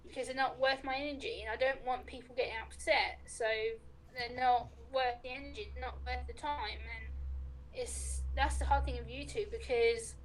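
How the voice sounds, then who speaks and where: A woman guest chats casually and tells everyday stories full of quoted dialogue. Her voice sits high, and there is a faint hiss in the background. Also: fairly even intonation, moderate pace, low-quality recording. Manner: chatty, recounts talks with lots of quoted dialogue. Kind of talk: casual chat, storytelling.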